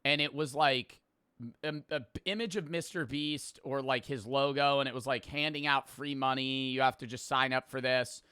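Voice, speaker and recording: Bright, crisp-voiced young man reacting. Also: medium pitch, fairly even intonation, moderate pace, no echo, studio quality. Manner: profane, slangy, laughing asides. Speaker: streamer reacting to a video. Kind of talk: casual reaction commentary.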